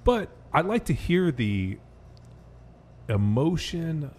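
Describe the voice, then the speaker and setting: A man's voice: fairly high pitch, very animated, slow, darkish tone. A man co-hosting a fitness podcast, teasing his co-hosts and cracking crude jokes in casual banter. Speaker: podcast co-host.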